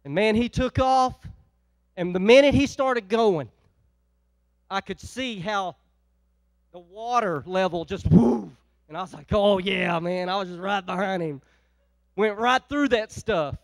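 A male pastor preaching a sermon, telling a folksy story and swinging from loud exhortation to quiet, chatty asides. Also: sits high, unhurried, creaky, long pauses, dry recording. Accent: Northeast Ohio.

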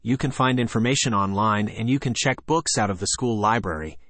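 A man voicing a calm, firm schoolteacher who speaks in a measured, matter-of-fact way. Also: fairly low pitch, dry recording. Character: calm, firm middle-aged woman teacher. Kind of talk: audiobook character voice.

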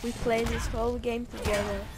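A woman's voice: on the high side, level tone, brisk, loud music behind the voice. A woman giving casual gameplay commentary in a playful, rambling way, with joking asides to herself. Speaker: gameplay narrator.

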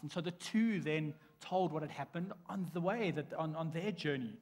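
A man preaching a sermon in a church, telling stories in a lively way with frequent restarts. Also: on the high side, normal speed, few pauses. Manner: animated storytelling with restarts. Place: church sanctuary. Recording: long church hall reverb.

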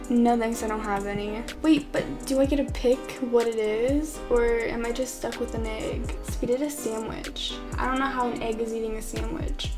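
A young woman giving casual, confused, exclamation-filled commentary while playing a game for the first time. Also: on the high side. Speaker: gaming YouTuber. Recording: clear background music under voice. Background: background music.

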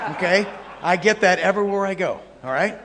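A man teaching a live audience as a traveling Bible teacher, telling animated anecdotes with jokey asides to the crowd. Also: high voice, moderate pace, background noise. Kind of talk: storytelling sermon. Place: large hall before a live audience. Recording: long hall reverb.

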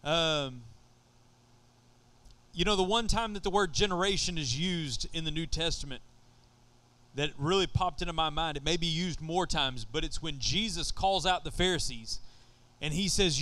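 A middle-aged Texan pastor preaches in a relaxed, joking way, talking straight to his congregation. His voice sits high for a man and rings bright and crisp. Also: normal speed, long pauses. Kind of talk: sermon.

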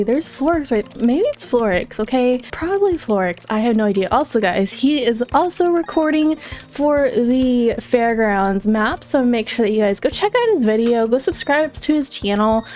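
Young female gameplay host, higher-pitched, excitable, quiet-voiced, faint music underneath. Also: normal speed. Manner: excitable, gasping and giggling, talking quietly. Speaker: gaming channel host. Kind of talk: casual gameplay commentary.

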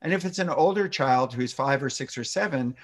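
A man, a pediatrician guest, explaining parenting advice in a lively way and acting out example conversations. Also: mid-range voice, a little fast. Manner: lively, acts out example dialogue in exaggerated voices.

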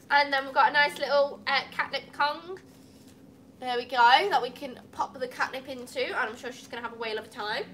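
A woman's voice: high voice, fairly bright tone, slight background noise. A woman opening gifts at a cat cafe, chatting casually and cooing at the cats. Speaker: cat cafe staff member.

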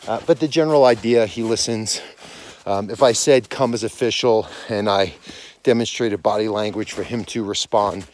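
A man's voice: fairly low pitch, slight background noise. A man in his forties, out of breath, chatting casually as a dog-training podcast host while walking outdoors in the mountains. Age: 40s. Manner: rambling, self-correcting, conversational. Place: outdoors on a snowy mountain property at dusk.

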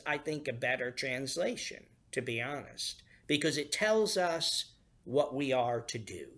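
Slow, emphatic man preaching a sermon. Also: a little high, a bit bright. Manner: unhurried, emphatic stresses on key words. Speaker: pastor.

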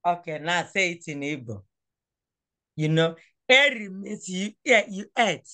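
A woman teaching a language class over a phone, patient and coaxing, repeating words slowly. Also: fairly low pitch, lively intonation, sharp tone.

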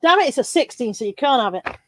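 A woman's voice: on the high side, lively intonation, quick pace, no room sound. A woman hosting a live haul stream, chatty and jokey, reading out viewer comments and laughing often. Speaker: livestream host. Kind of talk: casual live haul chat.

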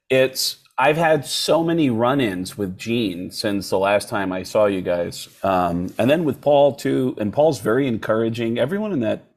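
A male comedian telling stories in a casual podcast chat, lively and jumping into quoted voices. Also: on the low side. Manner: animated, jumps into quoted voices. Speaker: comedian guest. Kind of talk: casual storytelling. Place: podcast studio.

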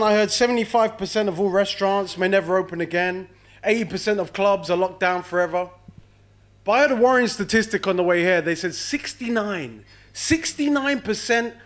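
A man doing a brash, profane stand-up set and teasing the crowd in a comedy club. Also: high-pitched.

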